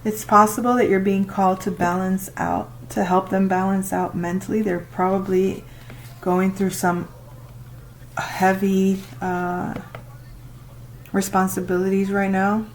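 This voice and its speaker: A woman's voice: mid-range voice, flat delivery, unhurried, slight background noise, poor audio. Chatty woman reading tarot cards. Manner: chatty, exclaims and laughs while reading cards. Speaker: tarot reader. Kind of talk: casual tarot reading monologue.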